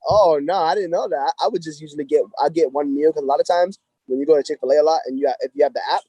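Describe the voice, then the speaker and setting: A man's voice: on the high side, rapid-fire, mellow, breathy edge. A man in his twenties from the United States, a guest on a podcast, chatting casually in slang with many restarts. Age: 20s. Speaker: guest, pro fighter. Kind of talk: casual interview chat.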